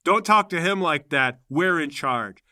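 A man voicing an excitable, loud male villain who brags about his gun. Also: measured pace, far from the mic, exaggerated voice. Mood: threatening. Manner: shrill, excitable shouting.

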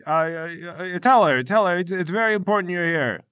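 A man's voice: high voice, animated, a little fast, a bit bright, clean tone, no echo, studio quality, pitched above the performer's own voice. A man voicing a fussy, flustered old male village elder who stammers and hesitates, in a tabletop game. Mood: pleading.

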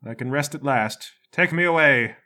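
A man's voice: medium pitch, moderate pace, sharp tone, lightly acted. A man voicing a weary, wealthy older male power broker in a tabletop game, talking in a tired, matter-of-fact way.

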